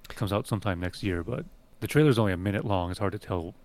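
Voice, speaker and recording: A man's voice: fairly low pitch, animated, fast, a little mellow. A man co-hosting a gaming podcast in casual chat, blunt and swearing casually. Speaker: podcast co-host.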